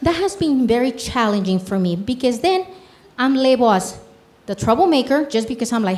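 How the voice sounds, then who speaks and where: A woman's voice: on the high side, fairly quick. Earnest Mexican-accented woman. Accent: Mexican Spanish. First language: Spanish. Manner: earnest, animated storytelling, frequent "right?" tag questions. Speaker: community health program director. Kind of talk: audience question at a public forum.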